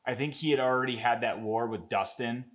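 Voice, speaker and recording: Young male commentator, casual video rant, excitable, swears a lot, mid-range voice. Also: mid-range voice, a little fast. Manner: excited, profane, rambling with restarts. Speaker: MMA commentator.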